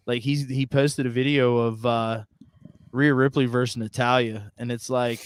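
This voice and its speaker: A man's voice: medium pitch, fairly even intonation, moderate pace, clean tone, no echo. Dry-sounding man chatting on a podcast. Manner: rambling, sarcastic. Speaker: podcast co-host. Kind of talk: casual chat.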